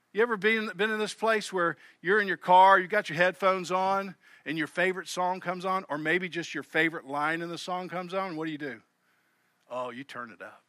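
A man with a Southern US accent preaching a sermon as pastor, swinging between loud emphasis and hushed asides. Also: fairly high pitch, no room sound.

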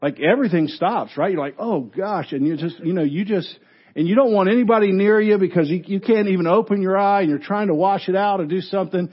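A man preaching a sermon as pastor, telling stories with animated delivery and frequent restarts. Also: sits high, fast, muffled recording. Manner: animated storytelling with repeated restarts.

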